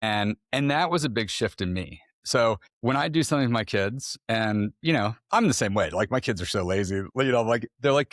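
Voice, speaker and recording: A man's voice: mid-range voice, expressive, brisk, hardly any pauses, no echo, studio quality. A middle-aged man, a guest on a podcast, telling personal stories in a blunt, candid way, swearing freely and acting out what people said. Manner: blunt, profane, acts out quoted voices. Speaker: guest, entrepreneur. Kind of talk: candid conversational storytelling.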